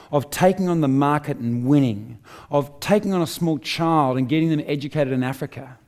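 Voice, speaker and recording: With a medium-pitched, somewhat dark tone, a middle-aged Australian motivational speaker addresses a live audience from the stage, pressing each point through rhetorical questions and emphatic repetition.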